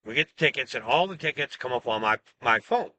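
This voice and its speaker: Bright, sharp-voiced man telling a rambling story. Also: mid-range voice, brisk, a little hiss or hum. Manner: rambling, animated retelling with restarts. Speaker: self-styled religious teacher. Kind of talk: casual storytelling monologue.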